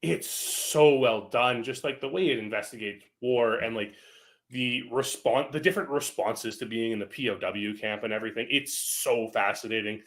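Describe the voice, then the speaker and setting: A man's voice: medium pitch, moderate pace, fairly bright tone. A man co-hosting a casual film podcast, gushing with enthusiasm and leaning on fillers like "like.". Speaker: podcast co-host. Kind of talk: casual chat.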